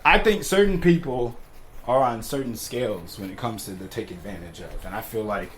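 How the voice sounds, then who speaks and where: A man's voice: lowish voice, moderate pace, slight background noise. A young man casually telling funny stories, laughing often and acting out the other people's lines. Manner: laid-back, laughs often, swears freely; acts out dialogue in shifting voices. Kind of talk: casual storytelling.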